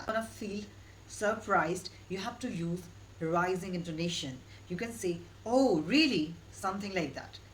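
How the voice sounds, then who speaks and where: A woman giving an online English lesson in a steady, instructive way, repeating her key points. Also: medium pitch, slight background noise, rough recording. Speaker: English teacher.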